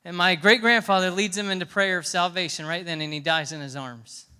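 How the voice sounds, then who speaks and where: A man preaching to a youth group in a large church hall, his high, bright voice ringing out with a long reverb tail. He tells his story with emphatic swells that push close to shouting. His tone stays smooth and clear throughout. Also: fairly even intonation, brisk. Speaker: youth pastor. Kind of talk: sermon.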